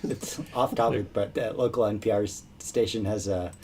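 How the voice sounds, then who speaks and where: A man's voice: lowish voice, steady tone, normal speed, darkish tone, slight background noise. A man playing a tabletop game, chatting casually and tossing out joking guesses. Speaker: player.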